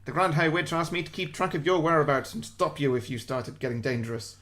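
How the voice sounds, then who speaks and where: A man putting on a nasal voice for a scheming female witch while pitching a story on a podcast. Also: fast talker, a bit bright, natural voice. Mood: smug.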